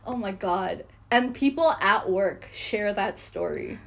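A woman's voice: medium pitch, expressive, slow, noisy background. A young woman telling a story in casual chat, often laughing and swearing as she talks. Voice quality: laughs a lot while talking, swears freely.

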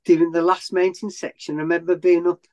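A man's voice: fairly high pitch, flat delivery, a little fast, a little mellow. Rambling man telling a race story. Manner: rambling, with many restarts and self-corrections. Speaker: ultrarunner guest. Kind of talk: storytelling in a conversational interview.

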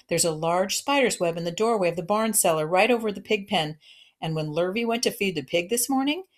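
A woman voicing a middle-aged farmer, solemn and awed, speaking earnestly and gravely in a storybook reading. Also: lowish voice, lightly acted.

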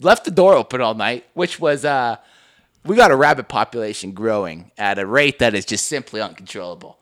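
A man's voice: medium pitch, expressive, fairly quick, fairly bright tone. A man co-hosting a podcast in casual chat, telling stories animatedly, laughing and swearing often. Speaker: podcast co-host.

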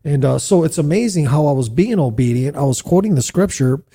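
Middle-aged male podcast host, gravelly and dark-toned, playful and animated. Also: a little high, a little fast. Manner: animated, playful, asks rhetorical questions. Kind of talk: church podcast discussion.

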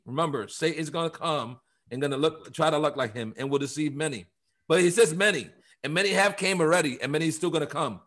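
A man teaching the Bible on a podcast, emphatic and preachy, reading scripture aloud and sometimes rising to shouts. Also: on the high side, fast talker.

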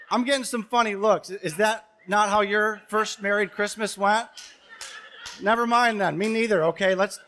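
Animated high-voiced pastor telling stories. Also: male voice. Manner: animated, joking storyteller with sudden loud bursts. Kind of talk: sermon with storytelling. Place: church stage before a congregation.

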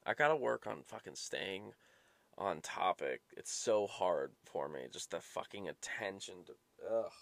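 A man's voice: deep voice, very animated, a little slow, vocal fry, a bit bright, dry recording. A man hosting a solo podcast, rambling and swearing and drifting from topic to topic. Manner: profane, rambling, easily sidetracked. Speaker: podcast host.

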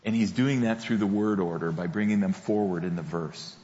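A male pastor preaching a sermon, slow and deliberate, repeating key phrases for emphasis. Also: sits low, mellow. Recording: dull lo-fi sound with long hall reverb.

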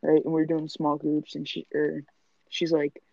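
Young guy, crude storyteller, gravelly and fairly high, muffled home podcast audio. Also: completely flat delivery, normal speed, darkish tone, dry recording. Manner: profane, joking storyteller. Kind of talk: casual chat. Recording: dull lo-fi sound.

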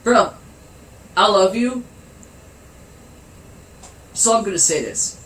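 A man's voice: sits high, lively intonation, slow pace, fairly bright tone. A man casually telling a funny story, giggling and laughing as he goes, and swearing freely. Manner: giggly, laughs through his anecdote. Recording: roomy, with faint background noise.

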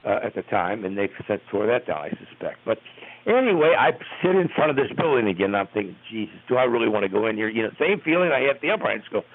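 Older man, retired umpire, rambling animated storytelling, husky voice, tinny phone line. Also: lowish voice, fast. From United States. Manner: rambling, animated retelling with restarts. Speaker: retired baseball umpire, interview guest. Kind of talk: storytelling in an interview.

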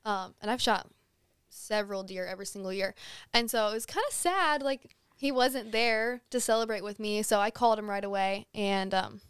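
A young woman, a podcast guest, telling a hunting story in a relaxed, chatty way with plenty of fillers. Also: mid-range voice, moderate pace, clean tone, dry recording, studio quality. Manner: easygoing, frequent fillers, animated when excited. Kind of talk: casual storytelling.

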